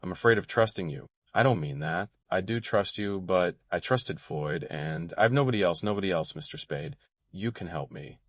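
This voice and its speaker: A man's voice: low-pitched, no echo, natural voice. A man doing a pleading, frightened young woman. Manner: tremulous, pleading. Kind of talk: audiobook character voice. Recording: dull, dry recording.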